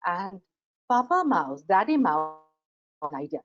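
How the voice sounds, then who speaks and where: A woman's voice: mid-range voice, unhurried, muffled recording. A woman with an Indian English accent giving a grammar webinar lecture, acting out example sentences as she talks. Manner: animated, acts out example sentences. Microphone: computer microphone on a video call.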